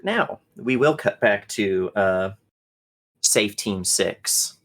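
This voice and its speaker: A man running a tabletop game as game master, narrating in a relaxed storytelling way. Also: fairly low pitch, very slow.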